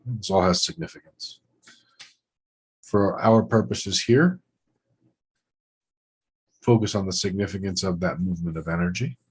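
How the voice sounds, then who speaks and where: A man whose voice sits low keeps a measured pace and pauses often, with a breathy edge and poor audio. In a relaxed demonstration of writing letters, he thinks aloud about each stroke in short phrases that trail away.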